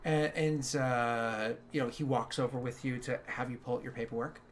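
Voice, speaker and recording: A man's voice: medium pitch, steady tone, normal speed, a little hiss or hum. A man narrating as game master, rambling with many fillers and restarts.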